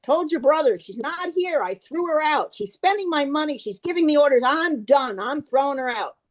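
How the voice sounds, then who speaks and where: A woman's voice: high voice, expressive, moderate pace, voice pushed up. A woman voicing a fed-up elderly husband in a joke, insistent and blunt. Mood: stubborn. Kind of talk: joke telling at a meeting.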